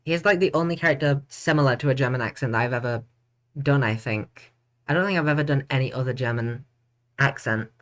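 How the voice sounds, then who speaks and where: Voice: mid-range voice, fairly quick. A streamer commenting playfully and chattily on a courtroom game, reading lines aloud and joking along the way. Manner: playful, chatty, laughs at own jokes.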